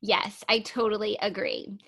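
A woman's voice: mid-range voice, flat delivery, a little slow, a bit bright, slightly rough, no room sound. A young woman co-hosting a podcast in casual chat, chatty and full of "like.". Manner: chatty, heavy use of "like". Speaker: podcast co-host.

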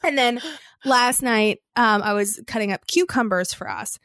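A woman in her thirties co-hosting a podcast, telling animated stories about her kids in a casual chat and laughing often. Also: fairly high pitch, unhurried, no echo, studio quality. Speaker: podcast co-host.

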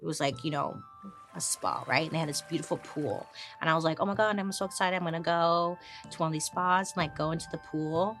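A woman's voice: low voice, fairly quick, a bit bright, soft background music. A woman in her thirties hosting a history podcast, chatty and irreverent, swearing casually as she tells the stories. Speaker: podcast host.

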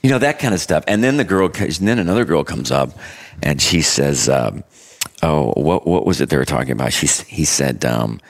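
A man's voice: extremely low pitch, lively intonation, a little fast, vocal fry. A man co-hosting a podcast, telling rambling anecdotes in casual chat with frequent restarts. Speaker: podcast co-host.

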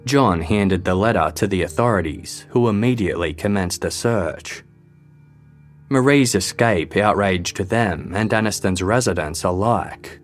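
A man giving a scripted true-crime narration in a measured, even storytelling delivery. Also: deep voice, soft background music.

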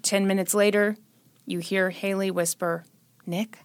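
A woman co-hosting a casual true-crime chat, retelling the details of a case with wry, dark jokes. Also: medium pitch, moderate pace, creaky. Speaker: podcast co-host.

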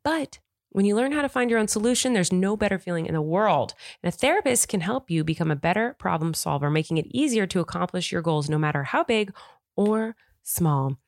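A woman from California with a notably low voice, chatting with her partner on a podcast. She tells her story in a loose, giggly way. The sound is dry and close, with no room in it. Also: animated, brisk, no room sound. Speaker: podcast co-host. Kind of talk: casual chat.

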